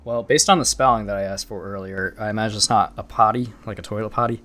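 Pedantic low-voiced man on a podcast. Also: fairly bright tone. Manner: pedantic, measured. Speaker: podcast co-host. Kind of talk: comedy podcast banter.

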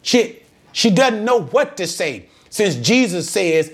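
Male preacher, a bit high-voiced, unhurried, lively delivery, emphatic sermon style with rhetorical questions. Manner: teaching, asks rhetorical questions to the listeners; emphatic, repeats key phrases.

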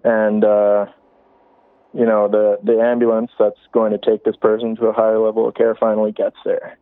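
Over a thin, tinny phone connection, a caller tells a show a creepy tale in a loose, meandering way, stumbling through fillers and restarts. He speaks at a normal pace in a fairly low voice with an utterly flat delivery, and there's no room sound.

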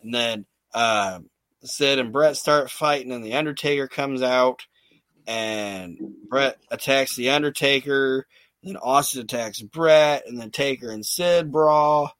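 A man hosting a casual podcast, narrating with lively energy and plenty of swearing. His pitch sits at an ordinary middle level. The sound is dry and close, with no room around it. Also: unhurried, no echo. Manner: animated storytelling with loose swearing and acted-out quotes. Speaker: podcast host recapping wrestling shows.

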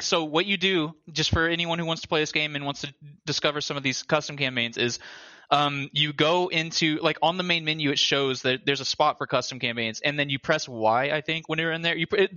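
A man chatting casually about a video game, animated and swearing now and then. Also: fairly high pitch, dry recording, highs cut off. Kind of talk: casual gaming chat.

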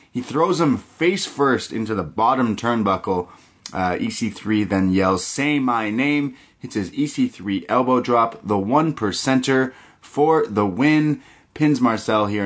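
Animated young man recapping wrestling. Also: on the low side. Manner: animated storytelling with quick impressions, laughs often. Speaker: podcast co-host. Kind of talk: casual chat recapping wrestling.

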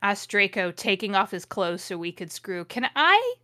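A woman's voice: medium pitch, level tone, normal speed, sharp tone, no room sound, clean studio sound. A woman reading fan fiction aloud for laughs, breaking off with sarcastic, exasperated asides. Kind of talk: comedic read-along with commentary.

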